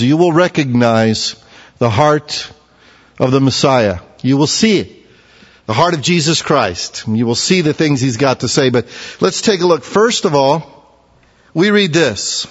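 Slow, earnest preacher in a ringing hall. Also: male voice, a little high, animated. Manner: earnest, emphatic preaching with long pauses. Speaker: pastor. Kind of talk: sermon. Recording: dull lo-fi sound with long hall reverb.

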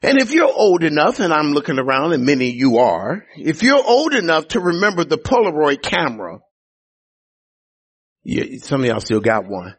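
A man's voice: sits high, fairly bright tone. A male pastor preaching a sermon, emphatic and repetitive, with teasing asides to the congregation. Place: church sanctuary.

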